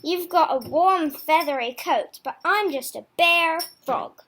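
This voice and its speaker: A woman's voice: very high voice, a bit bright, a little hiss or hum, heavily acted. A woman voicing a cold, gloomy little male frog who drags out his complaints. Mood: plaintive. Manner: plaintive, drawn-out complaining.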